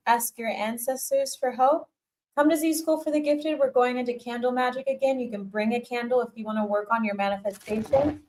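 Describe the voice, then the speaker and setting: A woman's voice: fairly high pitch, a little hiss or hum, low-quality recording. A woman talks through a live tarot reading in a loose, chatty way. She speaks straight to the viewer, laughs often, and repeats her encouragement. Now and then she drops a casual swear word. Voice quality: animated, laughs often, warm encouraging repetitions. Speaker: tarot reader.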